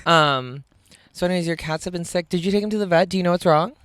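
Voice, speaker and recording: A woman's voice: fairly low pitch, fast talker, a bit bright, clear, resonant tone, dry recording. A woman and comedian co-hosting a podcast in casual chat, laughing often and poking fun at herself. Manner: chatty, laughs often, self-mocking.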